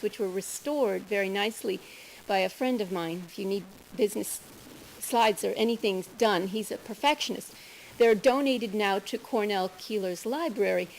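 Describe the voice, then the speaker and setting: An older woman reading her own poems at a bookstore, slow and measured, with chatty asides between poems. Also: mid-range voice, a little hiss or hum, low-quality recording.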